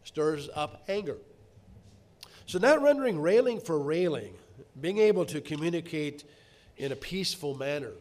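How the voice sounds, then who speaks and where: A middle-aged man preaching from the pulpit in a slightly higher voice than most men. He tells stories in an easy, conversational way, then breaks into loud emphatic bursts. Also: expressive, moderate pace. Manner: storytelling preacher, swinging from quiet asides to loud emphatic bursts. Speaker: pastor. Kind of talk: sermon.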